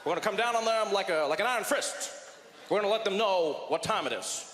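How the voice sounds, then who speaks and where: A comedian doing an impression of an American president, speaking haltingly with many pauses. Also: male voice, sits high, a bit bright, roomy sound, long reverb tail, a little hiss or hum, low-quality recording. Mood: resolute.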